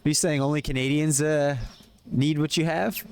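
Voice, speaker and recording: A man's voice: on the high side, fairly even intonation, moderate pace, darkish tone, clear, resonant tone. A man live-streaming a game, chatting casually with viewers and calling out in-game orders between questions to chat. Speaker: livestreamer.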